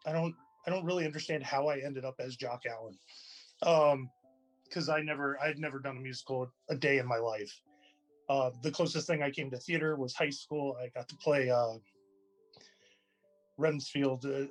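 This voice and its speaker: A man sharing a chatty, lively personal story in a tribute to a theater colleague, with many restarts and fillers. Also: medium pitch, rough recording. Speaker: theater company member giving a tribute. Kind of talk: personal anecdote, casual storytelling.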